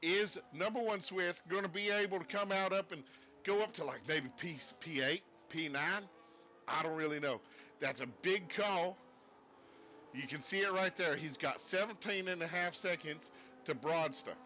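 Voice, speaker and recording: A high, sharp-toned man speaks at a normal speed while doing live sim racing commentary at his desk streaming rig with screens. His fake Southern US accent carries rambling, homespun banter and jokey asides, captured in lo-fi audio with a touch of hiss or hum.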